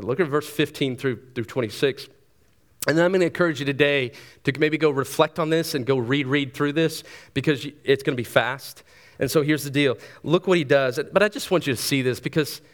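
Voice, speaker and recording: Preaching with energy and a conversational feel, this thirty-something male pastor drops in fast asides and repeats himself. He speaks in a mid-range voice.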